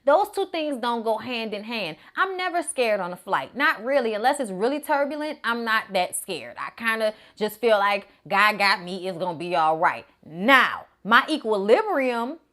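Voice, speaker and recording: A woman reviews a movie in a casual recap, sassy and animated as she talks straight to her viewers. Her voice sits a little on the high side for a woman. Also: moderate pace, hardly any pauses.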